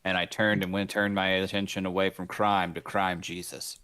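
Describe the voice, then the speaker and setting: A man's voice: low-pitched, level tone, normal speed, pushed and bright, smooth. A man playing a tabletop game, chatting casually with wry jokes. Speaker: player.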